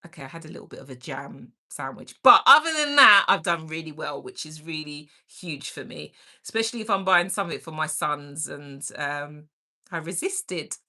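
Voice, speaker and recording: A woman's voice: low voice, lively intonation, normal speed, pushed and bright. A middle-aged woman hosting a casual livestream, reading chat aloud, greeting viewers by name and laughing often. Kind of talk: casual live-stream chat.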